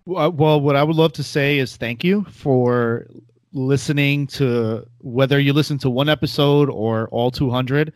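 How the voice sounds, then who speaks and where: A man's voice: medium pitch, normal speed, a little mellow, no echo. Nasal New man, casual chat. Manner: rambling, self-deprecating, laughs often. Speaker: podcast guest, former host.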